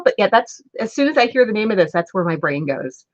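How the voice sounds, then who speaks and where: A woman's voice: mid-range voice, sing-song, quick pace, few pauses, dry recording. A woman chatting casually on a crafting live stream, laughing often between remarks. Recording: dull lo-fi stream audio.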